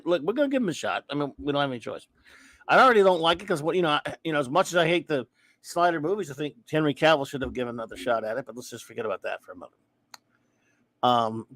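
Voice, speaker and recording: Male host, high-pitched, dry close sound, rambling livestream rant with chat shout-outs. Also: no room sound. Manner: ranting, restarting sentences, reading chat aloud.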